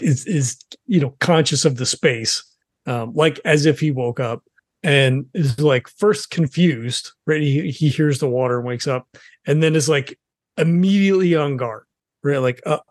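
A man's voice: a little high, no echo, studio quality. A man talking casually as a player in a tabletop role-playing game, rambling with lots of "like" and "you know".

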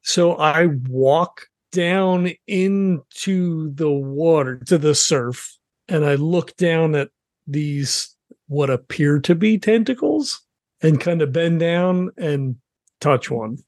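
Rambling higher-voiced man playing a tabletop game. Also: slow, a little mellow, no room sound, studio quality. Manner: rambling, full of "like" and "you know". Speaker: player. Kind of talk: casual tabletop role-play talk.

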